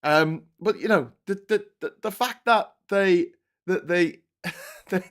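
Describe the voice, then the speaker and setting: This political commentary host, a Liverpool-accented man, speaks high-pitched and unhurried on his live stream. His angry rant is full of heavy swearing and rhetorical questions.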